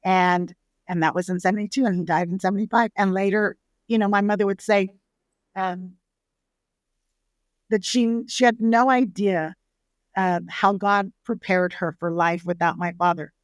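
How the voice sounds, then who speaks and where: A woman's voice: mid-range voice, normal speed, dry recording. Chatty middle-aged woman telling family stories. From San Antonio, Texas. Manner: lively storyteller who acts out family quotes. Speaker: restaurateur guest. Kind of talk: casual storytelling interview.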